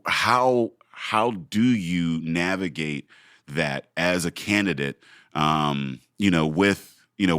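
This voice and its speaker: A man's voice: low-pitched, a bit bright, no room sound, studio quality. A man co-hosting a podcast, asking rambling questions full of fillers and throwing in crude jokes. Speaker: podcast co-host. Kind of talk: casual chat.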